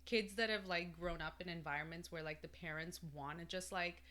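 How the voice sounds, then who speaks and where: A woman's voice: on the low side, steady tone, brisk, pushed and bright. A woman co-hosting a casual podcast chat, rambling with lots of "like" and "you know". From Canada. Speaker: podcast co-host.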